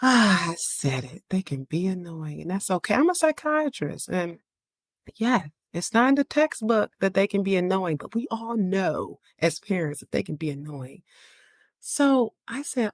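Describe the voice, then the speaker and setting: A woman's voice: medium pitch, sing-song, normal speed, dry recording. Candid chatty woman podcast host, dry sound. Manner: candid, chatty, frequent "like" and "you know". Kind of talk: casual podcast talk on parenting.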